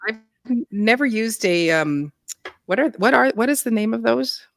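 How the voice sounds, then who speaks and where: A woman chatting casually as a guest, telling rambling stories in a relaxed way. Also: fairly high pitch, moderate pace, gravelly, no echo, studio quality. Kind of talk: casual chat.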